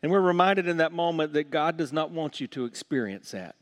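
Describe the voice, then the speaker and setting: A pastor delivers a sermon in a voice sitting a little high for a man. He swings between loud, emphatic peaks and hushed, quiet passages. He slows right down to lean on the words that matter. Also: lively intonation. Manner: slows down to stress key words.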